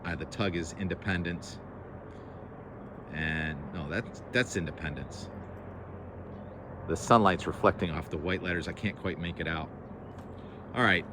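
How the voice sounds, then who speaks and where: A man talks through weather maps in a loose, chatty way, wandering into asides and fixing his own slips as he goes. His voice sits a little low. He is recorded outdoors by a harbor, with a faint hum of ambience behind him. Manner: chatty, rambling, self-correcting asides. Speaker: weather show host. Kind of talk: casual weather talk over maps.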